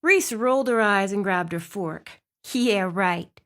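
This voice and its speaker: A woman reading a romance audiobook aloud, with expressive narration. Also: medium pitch, measured pace. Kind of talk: scripted narration.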